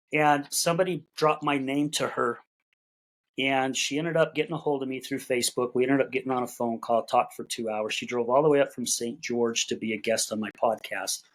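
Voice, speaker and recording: A man's voice: medium pitch, poor audio. A middle-aged man, a podcast guest, telling his story in a casual, folksy way, repeating words as he gathers his thoughts and acting out bits of dialogue. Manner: acts out quoted dialogue in conversation.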